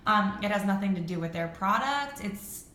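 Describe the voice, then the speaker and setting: A chatty woman vlogger reviews wax melts in casual conversation, rambling with frequent ums and likes. Her mid-range voice is bright and expressive at a moderate pace, echoing in a home room with high ceilings.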